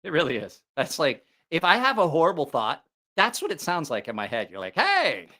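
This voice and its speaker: Middle-aged male livestream host, bright, crisp tone, casual and rambling. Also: fairly high pitch, sing-song, fairly quick. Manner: rambling, with many fillers and restarts. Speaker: knife channel host.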